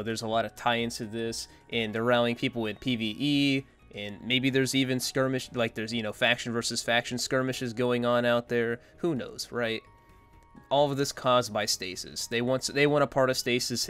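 Man, casual gaming commentary, rambling, blunt and dismissive, average pitch, faint background music. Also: fairly bright tone, smooth. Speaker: gaming content creator.

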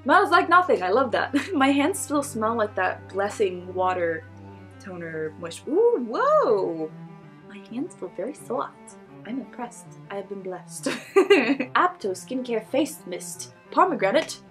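A woman's voice: mid-range voice, very animated, slow pace, fairly bright tone, faint music behind. A young woman vlogger casually unboxing beauty products, gushing and giggling as she reads labels aloud.

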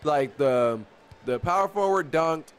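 A young man giving casual live commentary on his own basketball video game, excitable and often repeating himself as he talks to the players on screen. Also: fairly high pitch, a little slow, smooth. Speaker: gaming YouTuber.

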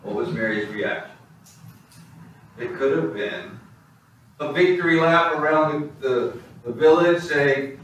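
A male pastor preaching a sermon in a church, animated and storytelling. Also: fairly high pitch, a little slow, pauses often, dull audio, a little hiss or hum. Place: church sanctuary. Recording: echoey hall, distant mic.

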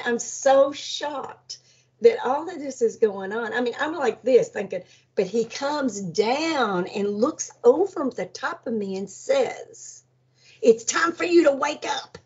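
Woman in her seventies, husky voice, fairly high pitch, lively storyteller, dull lo-fi sound. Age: 70s. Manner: animated storyteller, acts out voices, laughs often. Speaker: energy healer guest. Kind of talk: storytelling about a near-death experience. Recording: dull lo-fi audio.

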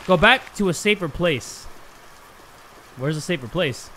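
A man's voice: fairly high pitch, expressive, a little slow, bright, forceful tone, a little hiss or hum. A man hosting a gaming video, giving casual commentary with sudden yelps, swearing and jokey asides.

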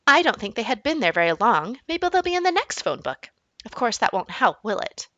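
A woman voicing an anxious, placating mother in a children's book read aloud, pitching up high and sounding nervous. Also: very animated, brisk, bright, forceful tone, no echo, highs cut off. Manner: high, nervous and eager to smooth things over.

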